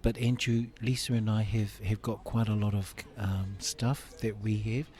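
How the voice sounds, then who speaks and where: A man in his fifties, appearing as an interview guest, earnestly tells a personal story and acts out the dialogue. His voice is fairly low, steady and warm, and he speaks a little slowly.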